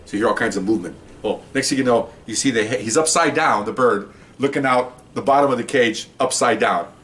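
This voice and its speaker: A man's voice: medium pitch, brisk. An older man, a retired police officer, telling a casual, chuckling anecdote to camera. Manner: animated, chuckling, folksy. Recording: distant mic with faint ambient noise.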